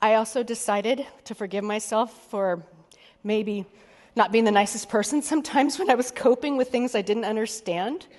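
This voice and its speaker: A woman executive coach giving a motivational keynote talk in a candid, conversational way, swearing casually now and then. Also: mid-range voice. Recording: long hall reverb.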